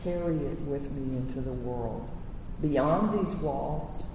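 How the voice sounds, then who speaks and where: A man giving a sermon as minister, reflective and unhurried, pausing often with fillers. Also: mid-range voice, noisy background. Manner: slow, reflective preaching with pauses and fillers. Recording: echoey hall from far off.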